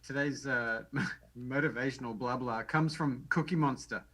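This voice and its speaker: Bright-voiced man co-hosting a chat show. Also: mid-range voice, husky, poor audio. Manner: halting, full of ums and restarts, laughs easily. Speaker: podcast co-host. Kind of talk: casual chat.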